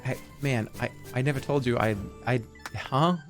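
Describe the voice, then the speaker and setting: A man streaming live in casual chat, rambling and swearing, and now and then acting out scenes in loud put-on voices. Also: mid-range voice, normal speed, music in the background.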